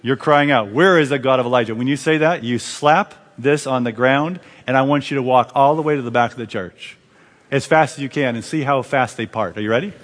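A man's voice: medium pitch, a little fast. A man preaching a revival sermon in a large church, fervently calling out to and directing the congregation. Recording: long reverb of a large church.

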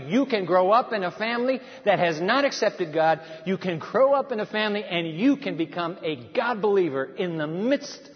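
Male preacher, high pitch, emphatic and rhetorical; muffled sound with a long church reverb. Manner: emphatic, rhetorical questions to the congregation. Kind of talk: sermon. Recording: dull sound in a reverberant hall.

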